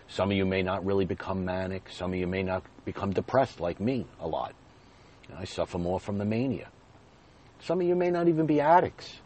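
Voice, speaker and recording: A man's voice: deep voice, a little mellow, slight background noise. A man hosting his own podcast, talking earnestly and directly to his listeners in repeated, plain phrases. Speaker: podcast host. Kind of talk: personal podcast monologue.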